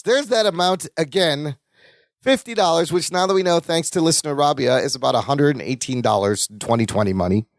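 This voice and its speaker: A man co-hosting a podcast, recapping sitcom scenes in animated casual chat and acting out the characters' lines. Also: on the high side, fairly quick, no room sound. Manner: animated, acts out quoted lines. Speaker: podcast co-host.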